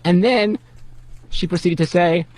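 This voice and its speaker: A man's voice: high-pitched, a little slow, a little mellow, dry recording. A man telling a story in an earnest, formal way, repeating himself. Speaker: caller recounting a massage story.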